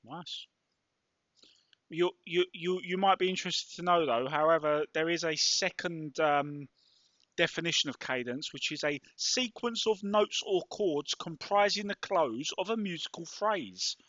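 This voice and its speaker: Bright-voiced joking British man. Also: on the high side, a little slow, no room sound, highs cut off. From United Kingdom. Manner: joking, teasing, pedantic asides. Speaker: podcast co-host. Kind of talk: casual banter.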